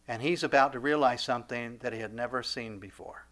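A man's voice: medium pitch, a little fast, a bit bright. A male pastor preaching a sermon, emphatic and repetitive, often stumbling over restarts.

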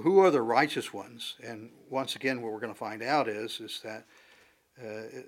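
A man preaching an expository sermon, talking through scripture in a conversational, halting way with many fillers and restarts. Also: mid-range voice, fairly bright tone. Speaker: pastor.

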